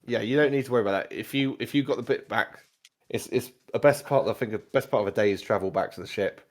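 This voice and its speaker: A man running a tabletop game as game master, explaining rules casually with restarts and throat-clearing. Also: lowish voice, fast.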